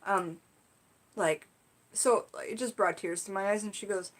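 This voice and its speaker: A woman's voice: mid-range voice, unhurried, long pauses. Chatty woman teaching on a live stream. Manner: chatty, rambling, frequent "like" and "you know". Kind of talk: casual livestream teaching and storytelling.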